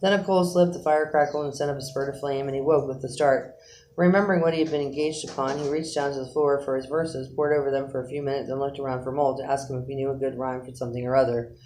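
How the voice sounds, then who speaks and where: A man narrating a children's animal story aloud in an expressive storytelling manner. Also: mid-range voice, fast, slight background noise, poor audio. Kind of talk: storybook reading.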